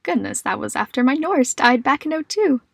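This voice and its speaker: A woman's voice: high voice, animated, brisk, gravelly, dry recording, clean studio sound, pitched above the performer's own voice, heavily acted. A woman voicing a frail elderly woman who fondly chats with a young neighbor in a horror audio story. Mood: chatty. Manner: sweet, fond, chatty.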